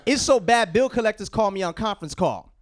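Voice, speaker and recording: A man's voice: sits high, a little fast. A man doing a stand-up routine in a small studio, telling stories and acting out the voices of people in them. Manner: animated storytelling with acted-out voices. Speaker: stand-up comedian. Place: small comedy studio stage.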